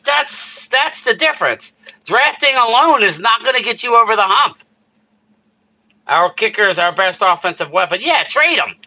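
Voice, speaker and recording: A man's voice: sits high, animated, moderate pace, pushed and bright. A man hosting a casual live stream about sports, ranting in a heated, worked-up way and answering chat messages. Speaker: streamer host reading chat.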